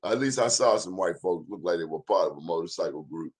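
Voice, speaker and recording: A man's voice: deep voice, lively intonation, brisk. Emphatic male talk show host. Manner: preachy, emphatic, folksy.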